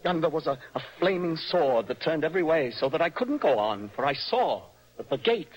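A young actor playing a nervous, intense poet in a radio play, with a dreamy, impassioned manner. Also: male voice, a little high, lively intonation, brisk, breathy edge, poor audio. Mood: mocking, rhapsodic. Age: young adult. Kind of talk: radio stage-play acting.

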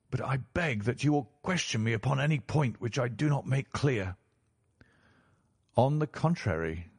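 A man narrating a story in a measured, formal way, as an audiobook reader. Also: medium pitch, vocal fry, breathy edge, no echo, clean studio sound. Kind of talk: scripted narration.

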